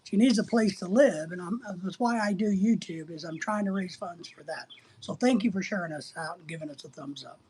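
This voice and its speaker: Husky, rambling middle-aged man. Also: sits high, a little mellow. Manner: rambling, crude and jokey. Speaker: livestream host reading chat. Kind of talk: casual live chat.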